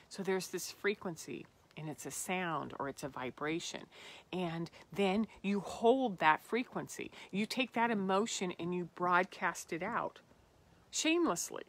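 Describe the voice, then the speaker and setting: A woman's voice: lowish voice, expressive, a little slow. A woman hosting a spiritual self-help talk, earnest and reflective, often falling to a whisper on tender phrases. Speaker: podcast host.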